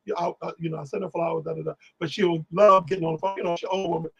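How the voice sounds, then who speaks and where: A man telling animated stories on a live stream, acting out the people he quotes. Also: high-pitched, fast, gravelly, breathy edge, low-quality recording. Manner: lively, talks over himself, acts out quotes.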